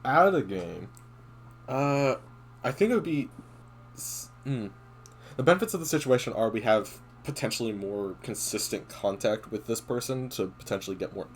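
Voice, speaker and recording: Animated man with faint hum. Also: fairly low pitch. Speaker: player. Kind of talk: casual chat while playing a tabletop game.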